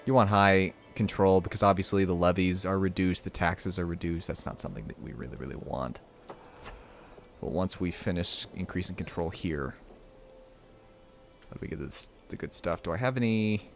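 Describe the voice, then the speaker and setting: A man giving casual live commentary while streaming a strategy game, thinking out loud and reading the game's text aloud. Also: low voice, moderate pace, gravelly, faint music behind.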